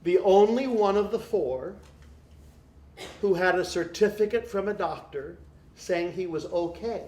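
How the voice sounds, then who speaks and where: A man's voice: on the high side, a little hiss or hum. A man, a priest giving an evening talk to a live audience, speaking in a wry, joking way with mock dialogue. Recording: echoey room.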